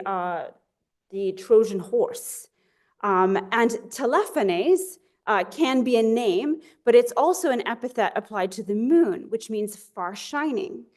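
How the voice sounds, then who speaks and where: Woman, academic lecturer, fairly high voice, chatty, self-deprecating, fillers and restarts. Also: darkish tone.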